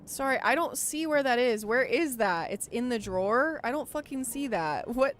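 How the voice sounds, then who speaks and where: A woman's voice: on the high side, animated, moderate pace. Chatty, swearing game streamer woman. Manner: chatty, giggly, swears freely. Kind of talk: casual game live-stream commentary. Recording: faint music behind.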